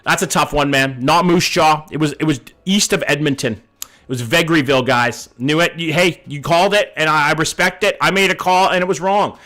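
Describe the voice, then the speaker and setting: A man's voice: a little high, brisk, pushed and bright. A man streaming a game live, thinking aloud in a casual way, swearing now and then and greeting his chat by name.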